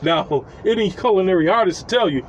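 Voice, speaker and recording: A man telling a casual, profane story, animated and chuckling as he acts out what people said. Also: sits high, brisk, dull audio, slight background noise.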